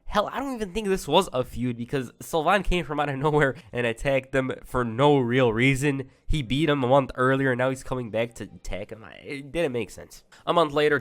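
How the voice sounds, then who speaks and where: A young man telling a story in a loose, chatty way, dropping offhand asides and fillers as he goes. His voice sits at an ordinary middle pitch, with nothing unusual about the tone. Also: fairly bright tone. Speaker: YouTube wrestling history narrator. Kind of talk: casual recap narration.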